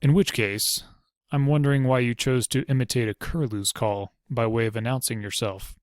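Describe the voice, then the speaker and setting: Man reading as a spirited young woman, brisk, sharp-tongued, dry close sound. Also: mid-range voice, steady tone, dry recording, lightly acted. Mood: lively. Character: spirited young woman, a ranger's apprentice, quick-witted.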